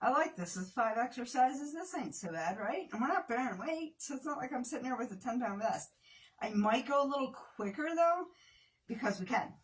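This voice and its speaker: A woman's voice: fairly high pitch, animated, fairly quick, distant mic. A woman hosting a live workout, chatting and joking with viewers while counting reps aloud and working through the exercises. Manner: breaks into playful off-key singing. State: exercising, at times strained. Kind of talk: casual livestream workout chat.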